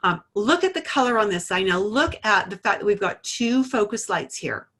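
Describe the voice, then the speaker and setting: A woman gives an iridology lesson in an easy, conversational voice at a middle pitch. She tells a client's story and narrates a hands-on demonstration, pausing to adjust what the viewers see. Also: lively intonation, a bit bright, husky. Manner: conversational, talks through a case story and adjusts a camera while speaking. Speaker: iridology teacher. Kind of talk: explanatory lesson with a live demonstration.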